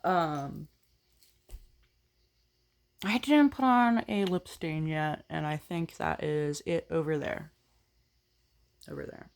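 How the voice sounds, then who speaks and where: A woman talks through her makeup routine at home in an unhurried, slightly low voice. She rambles, trails off with frequent ums, and corrects herself mid-word. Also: creaky. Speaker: makeup vlogger. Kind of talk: casual get-ready-with-me chat. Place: home, on a couch.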